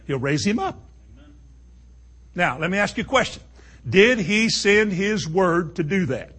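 A man's voice: high voice, expressive, a little slow, fairly bright tone, slightly rough. A man preaching a sermon to a congregation, emphatic and full of rhetorical questions.

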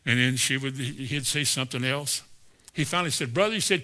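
A man preaching a sermon, telling stories in a folksy way, dropping into soft asides and rising to sudden emphatic peaks. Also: medium pitch, fairly quick. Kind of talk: sermon storytelling.

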